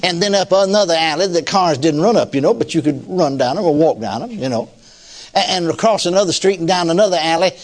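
A man's voice: on the high side, animated, fast. An older man, a pastor telling a folksy sermon story, chuckling often and saying "you see.".

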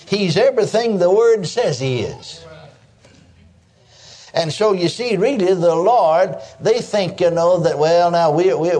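An older man preaches in a homey, animated style, sprinkling praise asides through his points. His voice sits fairly high for a man, with a warm, mellow tone. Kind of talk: sermon.

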